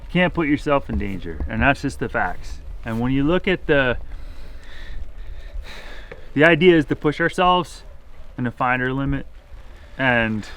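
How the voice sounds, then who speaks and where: A man who races bikes speaks in a steady, plain-spoken, reassuring manner. His voice sits at an ordinary pitch, with a faint background noise. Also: vocal fry. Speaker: professional cyclist. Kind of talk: casual vlog talk.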